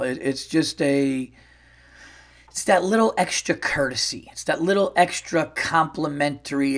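A man with a fairly high voice rambles through a casual story on his podcast, swearing freely and getting animated. His voice sounds a little worn, as if he is coming down with something. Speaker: podcast host. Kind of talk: casual comedic storytelling monologue.

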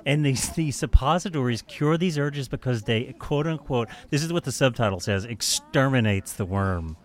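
A man's voice: medium pitch, expressive, moderate pace. A man hosting a casual podcast chat who tells a story with heavy swearing and mockery and laughs often.

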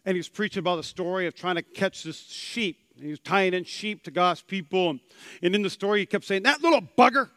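Give me a male pastor with a high voice delivering a lively sermon. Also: brisk, clear, resonant tone, no echo, studio quality. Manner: animated preaching, acts out quotes with big swings in pitch and loudness.

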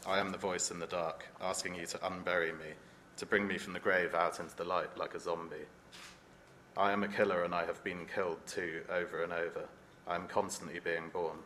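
A man reading as a teenage boy trapped alone in the dark, in a solemn, measured reading voice with no put-on accent. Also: low voice, flat delivery, a little hiss or hum. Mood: haunted. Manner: solemn, measured reading in his own unaccented voice. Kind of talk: reading aloud from a novel.

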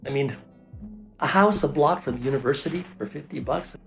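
A man with a rough, gravelly voice pitched a little high tells a story from his own life, loose and rambling. He often acts out the voices of the people in it, and there is faint music behind him. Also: moderate pace, pauses often. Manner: animated, acts out the quoted voices; loose and rambling, with fillers like "you know". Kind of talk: casual personal anecdote.

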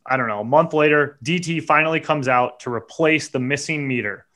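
A man, co-hosting a podcast and telling a story in a casual, animated, profane way. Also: on the high side, a little fast. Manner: animated, profane, builds to indignant outbursts. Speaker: podcast co-host.

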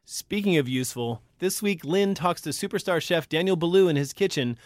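Upbeat male radio co-host, higher voice. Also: fairly quick, dry recording, studio quality. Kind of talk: radio hosting, reading promos.

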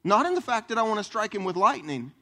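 A man preaching a sermon as pastor, animated, acting out voices and questions. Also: high voice, quick pace, slight background noise. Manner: animated, acts out voices and questions, southern "y'all".

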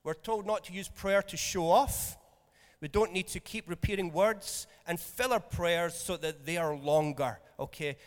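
A man's voice: high voice, measured pace, in a large hall. A man preaching a sermon in a conversational, jokey way, often checking in with his listeners. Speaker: pastor. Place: church hall.

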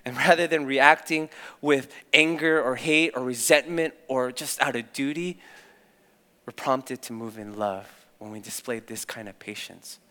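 A man's voice: medium pitch, a bit bright. A young adult man preaching a sermon as a youth pastor, telling stories candidly and with animation. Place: church. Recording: long church-hall reverb.

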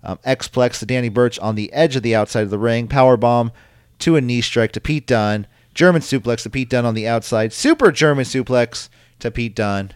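Recapping wrestling on his casual podcast, a man rambles along with plenty of ums and likes. His voice is mid-range and clean, at a normal speed, with no echo.

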